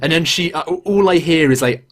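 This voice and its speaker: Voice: medium pitch, moderate pace. A podcast host, telling a story in casual chat and swearing freely.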